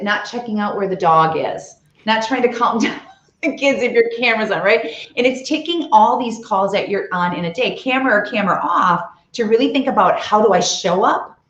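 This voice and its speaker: A woman's voice: medium pitch, expressive, normal speed, fairly bright tone. A middle-aged woman speaks as an interview guest, coaching emphatically and firing rhetorical questions at the listener. Her voice sits in a mid register. It comes through a roomy, slightly dull video-call line. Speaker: author and CEO, guest. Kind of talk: interview on leadership.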